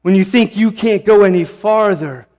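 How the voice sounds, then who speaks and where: A man preaching a sermon as pastor, impassioned, swelling to emphatic peaks and then dropping to a hush. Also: sits high, moderate pace, long reverb tail. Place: church sanctuary.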